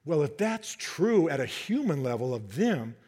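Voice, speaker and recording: A man preaching a sermon to a congregation, animated and joking, often repeating and restarting his words. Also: on the high side, moderate pace, slightly rough. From Southern United States, half his family.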